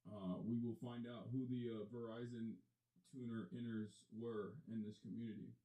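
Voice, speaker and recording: A man's voice: mid-range voice, fairly even intonation, moderate pace, dark tone. A man live streaming from his workplace, rambling casually in a hyped tone, repeating catchphrases and reading chat messages aloud. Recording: roomy echo.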